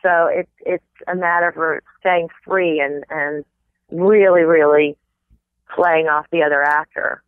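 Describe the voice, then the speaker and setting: A woman from the American South, a stage actress chatting casually as an interview guest, animated and quick to slip into little accent demonstrations. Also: deep voice, no echo. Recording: tinny phone-like dry sound.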